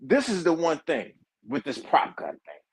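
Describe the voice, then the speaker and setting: A man, chatting casually as co-host in an animated, profane, mocking way. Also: fairly high pitch, moderate pace, slightly rough, rough recording. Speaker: co-host reacting to trial footage. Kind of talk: casual chat.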